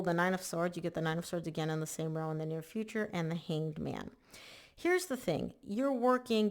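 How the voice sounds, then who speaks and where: A woman giving a casual tarot reading, chatty and emphatic, often saying "like" and acting out the listener's worries. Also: fairly low pitch. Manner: chatty and emphatic, lots of "like" and "oh my gosh". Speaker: tarot reader.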